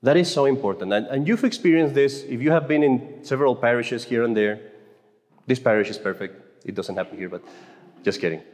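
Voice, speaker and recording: A man's voice: medium pitch, fairly quick, a little mellow. A man speaking at a conference for Catholic mothers, giving an informal faith talk in a conversational, joking way with frequent stammered restarts. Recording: echoey hall with long reverb.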